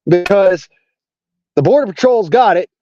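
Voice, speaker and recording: A man's voice: high voice, expressive, moderate pace, warm tone, dry recording, muffled recording. A man from Arkansas with a Southern accent, hosting a casual political monologue in a blunt, profane, rambling way. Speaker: online talk show host.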